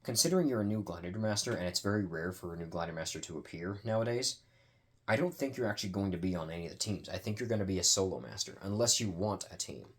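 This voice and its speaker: A man voicing a calm, self-assured male gladiator leader in a fan story, explaining things steadily. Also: low voice, fast.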